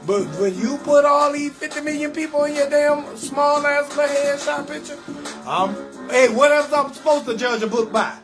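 A man riffs loudly and playfully, greeting viewers in a rambling, sing-song patter. He hosts a casual live stream from his bed at home, with faint music playing behind him. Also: extremely high pitch, normal speed. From New Orleans. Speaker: comedian hosting a live call-in show.

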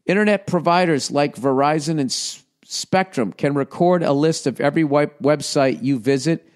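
A man's voice: on the high side, moderate pace, few pauses. Man, Boston accent, middle-aged, sarcastic, profane, ad copy mixed with rambling asides. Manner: profane, sarcastic, shifts between reading copy and riffing. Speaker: podcast host reading ads. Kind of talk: ad read with riffing asides.

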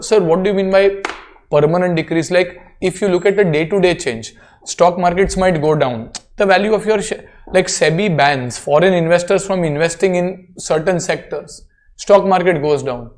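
A man's voice: on the high side, a little mellow. A man with an Indian accent giving a classroom accounting lecture, explaining step by step and checking in with students.

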